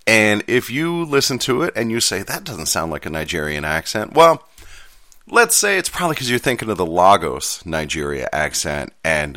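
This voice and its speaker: Lively, chatty male host. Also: deep voice, no room sound, studio quality. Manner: chatty, self-deprecating. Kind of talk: casual explanatory reading.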